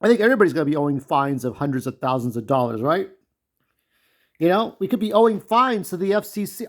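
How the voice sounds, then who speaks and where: A man's voice: a little high, lively intonation, fast. A man hosting his own vlog, ranting in a profane, rambling way with frequent restarts. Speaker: channel host.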